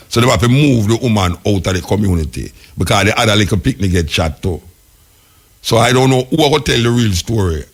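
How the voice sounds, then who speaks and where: A Jamaican man hosting a radio talk show, musing in patois-laced commentary, his pitch jumping up when he is incredulous. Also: normal speed. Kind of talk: spoken commentary.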